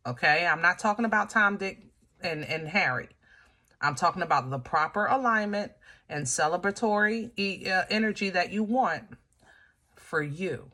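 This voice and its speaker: A woman talks her viewers through a tarot reading in a relaxed, conversational way. Her voice is bright and forward, and her delivery is animated and full of everyday asides. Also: lowish voice, moderate pace. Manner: animated, chatty, with laughs and colloquial asides. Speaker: tarot reader. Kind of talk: casual tarot reading to camera.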